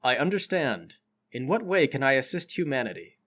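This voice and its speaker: A man voicing a calm, grandiose nanomachine being that speaks in lofty declarations. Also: mid-range voice, moderate pace, pitched below the performer's own voice.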